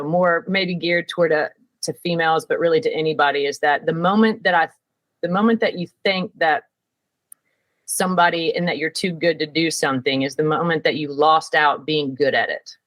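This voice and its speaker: Lively woman telling work stories. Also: lowish voice, no echo, low-quality recording. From Georgia, US. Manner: lively, animated, many fillers. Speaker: guest, production director. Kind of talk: casual interview storytelling.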